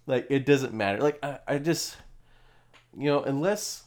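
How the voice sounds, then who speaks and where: A man's voice: medium pitch, moderate pace, a little mellow. A young adult man co-hosting a podcast, chatting casually and rambling with frequent restarts and laughs. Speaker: podcast co-host. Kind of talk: casual chat.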